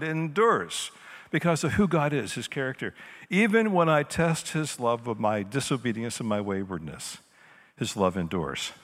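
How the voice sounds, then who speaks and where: A man preaching a sermon as a pastor, swinging between loud emphasis and quiet, intimate passages. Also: mid-range voice. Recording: long hall reverb.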